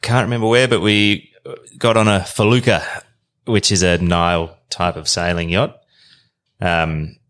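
Deep-voiced laid-back Australian man. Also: fairly even intonation, unhurried, fairly bright tone. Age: 30s. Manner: easygoing, rambling yarn-spinner. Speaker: podcast guest. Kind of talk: casual storytelling.

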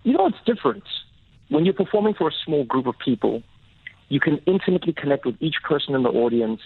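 A South African man, a comedian guest, telling stories in an animated way on a casual radio interview. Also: on the high side, fast, creaky, slightly rough, no echo. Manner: animated, storytelling, laughing easily. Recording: tinny, phone-like, dry radio sound.

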